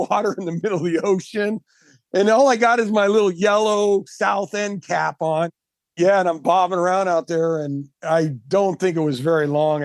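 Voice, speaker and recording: A man, a marathon swimmer and guest, telling his story in casual chat, animated and emphatic, laughing often. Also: high voice, dry recording.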